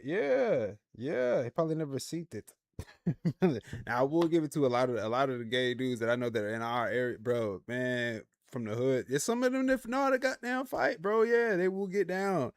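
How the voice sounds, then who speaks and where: A man hosting a livestream, reacting to clips in casual, slangy, animated commentary. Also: mid-range voice, dry recording, studio quality.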